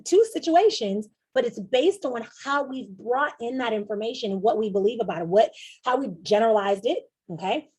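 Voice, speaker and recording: A young adult woman coach walks her listeners through ideas in a loose, conversational way, full of fillers and quick acted-out inner voices. Her voice sits at a middle pitch with a husky edge. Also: a little mellow. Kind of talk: teaching presentation.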